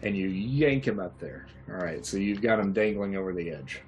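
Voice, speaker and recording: A man's voice: deep voice, lively intonation, moderate pace, a little mellow. A man narrating a tabletop game as game master, rambling and hesitant. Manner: rambling, hesitant with many fillers.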